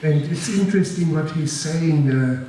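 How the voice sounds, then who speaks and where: A man with a German accent giving a master class, telling his story in a slow, deliberate, grave way and answering audience questions. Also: on the high side, mellow. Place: large lecture hall. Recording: echoey hall, distant mic, faint noise.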